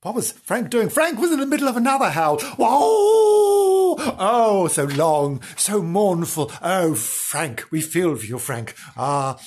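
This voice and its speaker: A man's voice: fairly high pitch, big pitch swings, a little slow, few pauses, slightly rough. A man reading a children's story aloud, with playful, chatty asides to the children.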